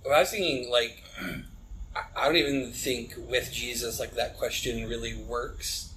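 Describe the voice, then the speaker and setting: A man's voice: mid-range voice, fairly even intonation, moderate pace, bright, forceful tone, a little hiss or hum, low-quality recording. A man in a church discussion group, working through his thoughts with a thoughtful, hedging manner. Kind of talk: casual discussion.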